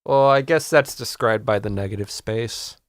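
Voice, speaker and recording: A man's voice: lowish voice, normal speed, dry recording, studio quality. A man hosting a casual comedic art tutorial, rambling and mock-serious, swearing in frustration at his equipment.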